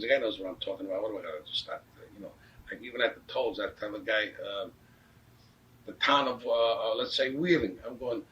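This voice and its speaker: A man's voice: medium pitch, a little fast, sharp tone, lo-fi sound. An older man with a New York accent telling blunt, streetwise stories in an interview, acting out the dialogue. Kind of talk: anecdotal storytelling. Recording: distant mic with faint background noise.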